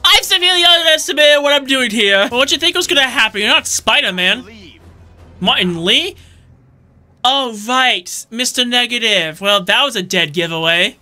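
Jokey, excitable gaming man. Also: very high-pitched, normal speed, soft background music. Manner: jokey, excitable, shouts reactions. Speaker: let's play host. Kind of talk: gameplay commentary.

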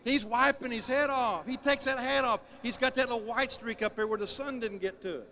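High, forceful man telling stories. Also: normal speed. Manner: emphatic, animated storyteller. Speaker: speaker. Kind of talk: sermon-style storytelling talk.

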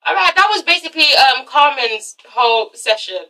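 High bright sassy woman vlogger. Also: far from the mic, low-quality recording. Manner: sassy, animated, swears freely, acts out the cast members in quick voices. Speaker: vlogger reviewing a TV show. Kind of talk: casual reality-TV recap.

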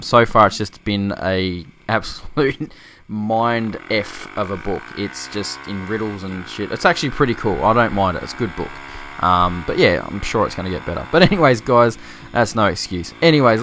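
Australian man, lowish voice, loose swearing motovlog chatter, faint outdoor noise behind. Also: a bit bright. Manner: rambling, laughing, swearing freely. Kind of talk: casual vlog chat while riding. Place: outdoors on a motorbike. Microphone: chest-mounted camera.

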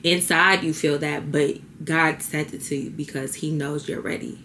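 Young woman talking to her camera, low voice, bit teary, chatty and real, faint hum behind. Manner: heartfelt, chatty, says y'all. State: a little teary. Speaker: beauty vlogger. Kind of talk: casual vlog talk to camera.

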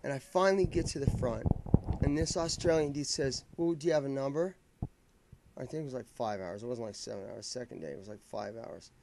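A man's voice: mid-range voice, brisk, creaky, noisy background. A man telling a long, rambling story in casual vlog style, swearing freely and often restarting his sentences. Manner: rambling, profane, with many restarts. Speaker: vlogger telling a fan story.

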